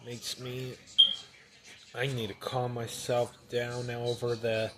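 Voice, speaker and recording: A man talking casually and haltingly as he reviews a snack and a drink at home, with sudden loud bursts between mumbled stretches. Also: mid-range voice, completely flat delivery. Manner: rambling, halting, loud bursts while eating. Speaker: food reviewer.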